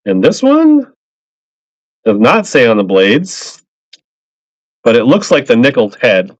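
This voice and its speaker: A man's voice: mid-range voice, wildly swooping pitch, slow, dry recording. Upbeat man auctioning fishing lures. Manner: upbeat, rambling, greets buyers by name. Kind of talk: casual live-selling chat. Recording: slightly dull lo-fi stream audio.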